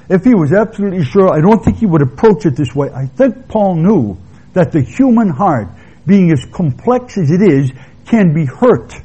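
A man preaching an expository sermon in a conversational way, pausing to restate his points. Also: a little high, mellow, slightly rough, lo-fi sound.

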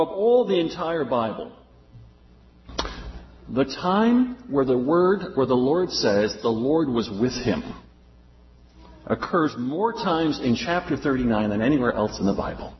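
A man's voice: medium pitch, big pitch swings, a little slow. Male preacher, conversational sermon delivery, echoey hall, muffled recording. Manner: conversational preaching, acts out quoted voices. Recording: roomy, dull lo-fi recording.

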